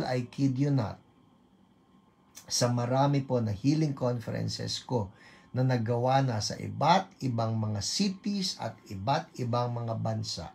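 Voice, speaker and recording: A man's voice: medium pitch, vocal fry, a little mellow. A man with a Filipino accent preaching at an online healing service, mixing Tagalog and English, leading the crowd in laughing chants and reading out viewer comments. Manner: reads viewer comments aloud. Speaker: pastor.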